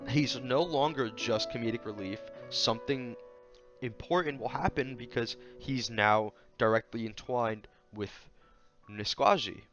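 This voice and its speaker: In a casual manga commentary video, a man reviews a chapter, thinking aloud loosely with fillers and acting out characters' lines in lively voices as he quotes them. His voice is on the low side, and the sound is lo-fi.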